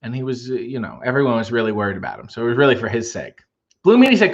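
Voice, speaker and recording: A man's voice: mid-range voice, very animated, racing, muffled recording. A Canadian man hosting a livestream from home, reading viewer comments with dry, joking asides. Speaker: livestream host. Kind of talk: casual chat reading comments.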